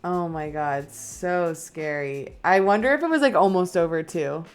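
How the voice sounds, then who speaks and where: A woman's voice: lowish voice, measured pace, clear, resonant tone, soft background music. A young woman streaming a horror game, talking casually into a desk microphone, nervous and often dropping to frightened whispers. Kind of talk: casual gaming live stream chat.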